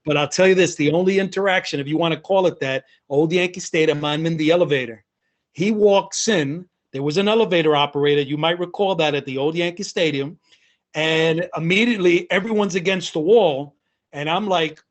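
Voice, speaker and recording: Man, podcast host, somewhat high voice, eager storyteller, lots of fillers. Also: fairly quick. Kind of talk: casual interview.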